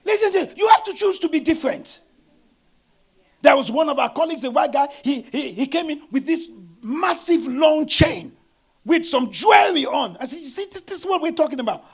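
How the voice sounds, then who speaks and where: A middle-aged man, a pastor, preaching a sermon with animated storytelling and bursts of shouting. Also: extremely high pitch, moderate pace.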